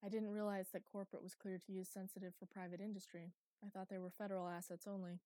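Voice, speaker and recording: A woman's voice: mid-range voice, level tone, quick pace, warm tone, no room sound, natural voice. A woman reading the lines of a firm, weary middle-aged colony chief in an audiobook. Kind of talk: audiobook character voice.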